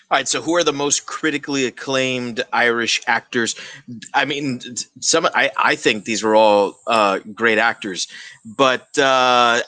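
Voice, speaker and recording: Brief: male panelist, slow and halting, bright forward tone. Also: medium pitch, dry recording. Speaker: podcast panelist. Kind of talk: casual podcast banter.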